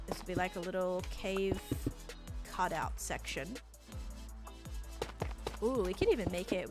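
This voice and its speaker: Aussie-raised woman streamer, mostly american accent, mid pitch, rambly chatty livestream talk, music behind. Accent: American with Australian traces. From Australia. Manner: chatty, rambling, full of "like" fillers. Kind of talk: casual livestream chat while building in a game.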